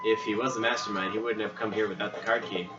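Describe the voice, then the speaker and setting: A man's voice: on the low side, steady tone, quick pace. A man playing a video game, reading the dialogue aloud in a jokey way and laughing often. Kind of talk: casual let's-play narration with put-on voices. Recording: dull lo-fi audio with loud game music.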